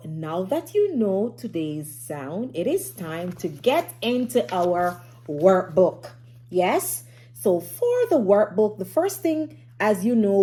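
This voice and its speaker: Woman, children's phonics teacher, slow and very animated, sing-song delivery with hushed asides. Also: mid-range voice. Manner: slow, sing-song and encouraging, drops to whispers for suspense. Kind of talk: phonics lesson for young children.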